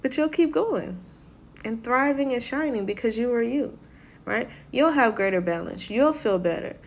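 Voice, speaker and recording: A woman's voice: fairly high pitch, animated, moderate pace, dull audio. A woman giving a casual motivational talk in a conversational manner, often checking in with listeners and acting out what people say. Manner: conversational, keeps asking "right?"; acts out quoted voices. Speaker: motivational speaker.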